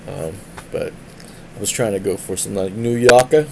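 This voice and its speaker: A man's voice: on the low side, moderate pace, vocal fry, noisy background. A man streaming from a tablet, a musician who rambles casually, jokes around and keeps slipping into silly voices. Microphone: tablet mic.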